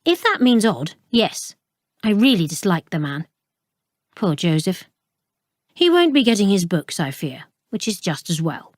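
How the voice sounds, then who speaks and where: A woman's voice: medium pitch, sing-song, unhurried, no echo, clean studio sound. A woman voicing a guarded young bookshop owner. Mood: frank. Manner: polite but guarded.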